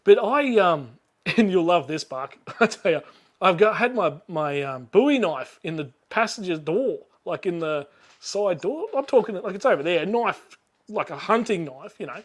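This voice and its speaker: Chatty, high-voiced Australian man. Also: lively intonation, normal speed. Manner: rambling, laughs often, lots of fillers and restarts. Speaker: YouTuber guest. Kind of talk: casual storytelling chat.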